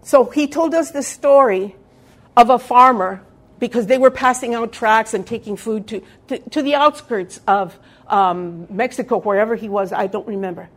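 A woman's voice: a little high, normal speed. A woman preaching a sermon with fervent calls for amens, telling a story with quoted dialogue.

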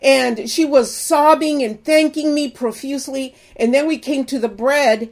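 A woman's voice: high voice, measured pace, darkish tone. An older woman preaching, telling an earnest personal testimony and exhorting her listeners.

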